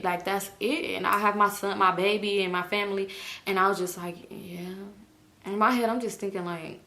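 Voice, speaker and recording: Bright-voiced woman telling a storytime. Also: mid-range voice. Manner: animated retelling with quoted voices and swearing. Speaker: storytime vlogger. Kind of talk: casual storytime.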